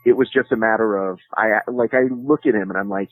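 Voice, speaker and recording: A man's voice: fairly low pitch, lively intonation, fast talker, few pauses, dry recording, rough recording. A man guest in a casual interview, joking and rambling with frequent fillers. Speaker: podcast host and jiu-jitsu commentator, guest.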